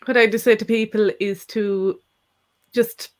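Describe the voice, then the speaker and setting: A woman's voice: mid-range voice, steady tone, unhurried. A woman co-hosting a live-stream language Q&A, explaining at length with frequent fillers and restarts. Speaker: co-host and Irish language teacher.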